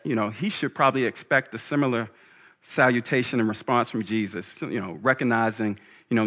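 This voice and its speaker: A man's voice: medium pitch, a bit bright. A man preaching a sermon in a humorous, conversational way, laughing at his own jokes.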